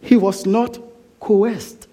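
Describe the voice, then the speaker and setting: A man preaching a sermon, deliberate and emphatic, repeating phrases for weight, dropping to a hush when he prays. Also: high-pitched, steady tone. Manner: soft, hushed prayer.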